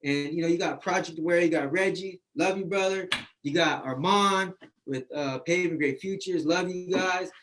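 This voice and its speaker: A man's voice: high voice, normal speed, noisy background. A man sharing his life story in casual testimony, exuberant, calling out friends and saying "man" constantly.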